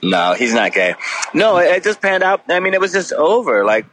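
A man's voice: a little high, sing-song, brisk, fairly bright tone, slight background noise, low-quality recording. A middle-aged man from Wisconsin, a guest musician telling a story in a casual podcast chat, rambling with lots of "like" fillers and frequent swearing.

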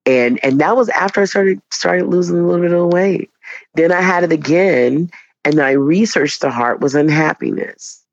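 Animated, profane woman storyteller, lo-fi. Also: lowish voice, moderate pace, dry recording. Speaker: teacher and podcast guest. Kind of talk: casual podcast chat. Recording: dull, dry lo-fi recording.

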